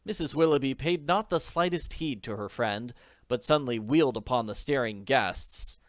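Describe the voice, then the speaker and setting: A man reading a classic mystery novel aloud as an audiobook narrator, expressive and animated. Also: mid-range voice, normal speed, no echo.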